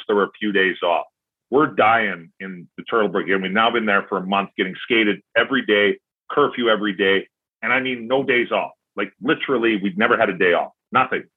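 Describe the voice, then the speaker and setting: Guest: forties man, husky and lowish, loose profane storyteller, phone-quality audio. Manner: rambling anecdotes, retells dialogue with "I'm like", profane. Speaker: podcast guest, former pro hockey player. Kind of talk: casual storytelling. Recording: tinny phone-like line.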